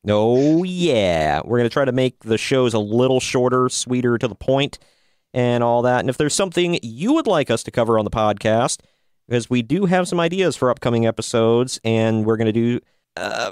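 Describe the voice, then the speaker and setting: A man's voice: mid-range voice, a little mellow, clean tone. A man hosting a podcast in a casual, upbeat way, now and then stretching out a playful "bro". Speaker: podcast host.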